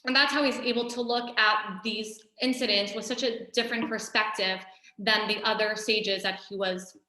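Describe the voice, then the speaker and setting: A woman's voice: medium pitch, steady tone, moderate pace, pushed and bright. A woman teaching a religious lesson in a conversational, storytelling way, often saying "you know". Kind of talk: recorded Torah lesson. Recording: echoey room.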